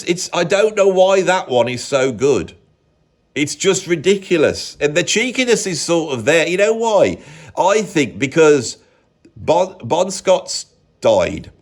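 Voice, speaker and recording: An English man, a music commentator, talking in a casual rambling monologue, opinionated and often cutting himself off mid-thought. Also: medium pitch. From England. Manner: rambling, self-interrupting, opinionated.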